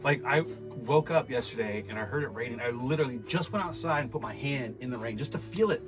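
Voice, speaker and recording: A man's voice: mid-range voice, fast talker, music in the background. A man co-hosting a casual comedic chat show, easygoing and agreeable, who says "like" a lot. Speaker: podcast co-host.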